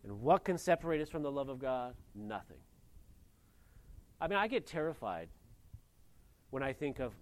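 An animated man delivering a sermon, his voice rising for emphasis and then dropping quiet and low. He reads passages of scripture aloud and then explains them in a plain, conversational way. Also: moderate pace, long pauses. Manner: animated preaching, swinging between loud emphasis and quiet low reading. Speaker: pastor.

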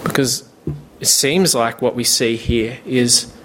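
A man preaching a sermon in a slow, measured way, with casual asides. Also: mid-range voice, steady tone, background noise. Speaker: pastor.

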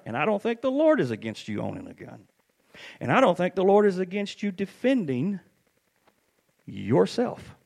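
A middle-aged man preaching a sermon, telling stories with animated swings up to shouted peaks. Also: high-pitched, vocal fry.

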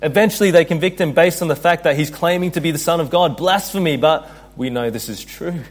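A man's voice: on the high side, fairly quick. A man preaching a sermon as pastor, earnest, reading scripture aloud and building in intensity.

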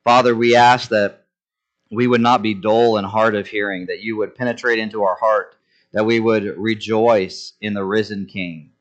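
A man's voice: lowish voice, fairly even intonation, normal speed. A man preaching a sermon as pastor, folksy and conversational, joking at his own expense and acting out the dialogue of the story. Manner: folksy and conversational, with self-deprecating jokes; acts out biblical dialogue in different voices.

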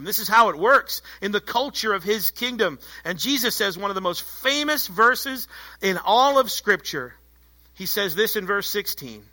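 A male pastor preaches a sermon in a high voice, animated and conversational, trading jokes with the congregation.

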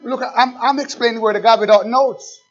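A man preaching a sermon without notes, swinging between loud emphatic lines and quiet asides. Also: very high-pitched, fairly even intonation, brisk. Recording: dull lo-fi recording.

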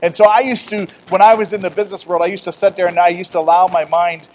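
A middle-aged man preaching a conversational sermon, swinging from loud emphatic declarations to quiet storytelling with self-deprecating humor and acted-out dialogue. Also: sits high, fairly even intonation, quick pace, slight background noise, low-quality recording. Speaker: pastor.

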